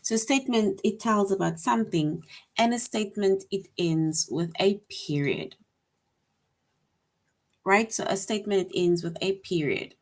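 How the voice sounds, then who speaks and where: A woman's voice: medium pitch, moderate pace. A woman teaching a grammar lesson to young children, patient and repetitive, often checking with "right?".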